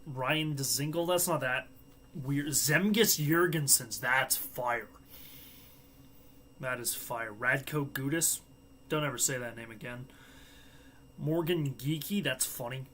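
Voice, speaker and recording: A man's voice: mid-range voice, slow pace, long pauses, sharp tone, a little hiss or hum. A man hosting a live stream, chatting casually and joking to himself with frequent laughs. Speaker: livestream host.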